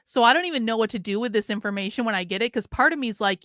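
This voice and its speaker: A woman's voice: on the high side, animated, racing, few pauses, a bit bright, no room sound, studio quality. A woman streaming a casual, candid monologue, swearing freely and laughing often, with an American accent. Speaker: streamer and commentator.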